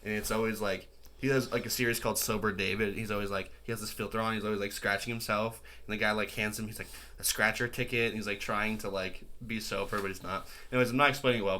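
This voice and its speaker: A man's voice: fairly low pitch, steady tone, fast, pushed and bright. A man co-hosting a casual podcast chat, rambling and laughing often as he talks. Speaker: podcast co-host.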